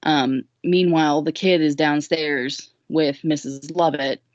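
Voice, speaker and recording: A woman's voice: sits low, steady tone, takes it slowly, no room sound. A woman recapping a story in a casual podcast chat, rambling and jokey with lots of fillers, in a dull lo-fi recording. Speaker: guest recapping a musical.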